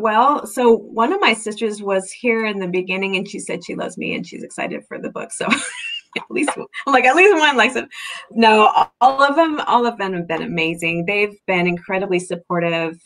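A woman's voice: medium pitch, big pitch swings, normal speed, fairly bright tone. A woman author reading from her novel and then answering questions in a chatty way, laughing often, over a video call. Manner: chatty, laughs often, full of fillers and restarts.

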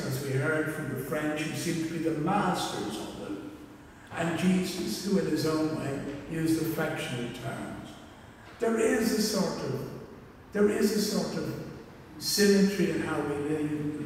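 A man's voice: on the high side, slight background noise. A man preaching a sermon as a minister, chatty and humorous, with asides. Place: church. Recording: echoey church hall from far off.

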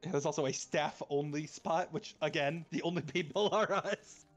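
A man's voice: a little high, normal speed. A man streaming an online game, chatting casually with friends and laughing often. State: hiccups. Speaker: gaming streamer. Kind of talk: casual gaming chat. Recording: faint game music behind.

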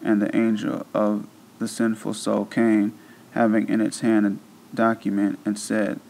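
Male scripture reader, lowish voice, very flat and solemn delivery. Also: a little slow, creaky, poor audio. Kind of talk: religious text reading.

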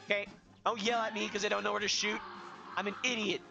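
A young man giving excitable, self-mocking commentary while playing a video game, often yelling. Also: high-pitched, fast talker, vocal fry. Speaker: gaming video host. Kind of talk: live let's-play commentary. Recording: dull lo-fi with game music behind.

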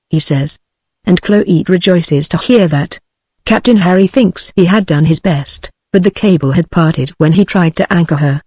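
A woman's text-to-speech voice with a British English accent, reading an audiobook in an even, synthetic manner. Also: lowish voice, normal speed, breathy edge, dry recording. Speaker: narrator. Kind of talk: audiobook narration.

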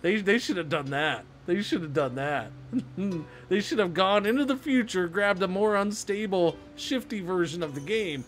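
A slightly high-voiced man talks his way through a strategy game on a live stream, muttering to himself and tossing sarcastic replies to chat. Faint music plays under his voice. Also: lively intonation, moderate pace, a bit bright. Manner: chatty, self-talking, sarcastic asides to chat. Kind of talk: casual live-stream gameplay commentary.

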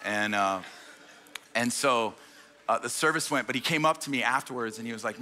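Bright-voiced man preaching with energy. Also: mid-range voice, slight background noise. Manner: energetic storytelling, quick repeated restarts. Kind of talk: sermon. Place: church stage before a congregation.

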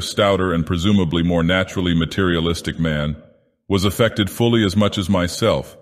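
A man narrating an audiobook in character as an ancient, menacing male god-king villain from a fantasy game, speaking slowly and gravely. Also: low voice, close to an everyday voice. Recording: long echoing reverb.

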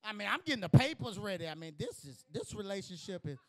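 A man preaching a sermon as pastor, emphatic, swinging from shouting to hushed lines with colloquial asides to the congregation. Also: sits high, very animated, quick pace, a little hiss or hum, low-quality recording.

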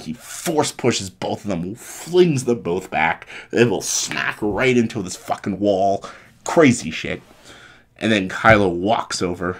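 Low-voiced young man excitedly pitching a movie. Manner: breathless and profane, acting out lines and sound effects. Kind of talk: excited comedic retelling.

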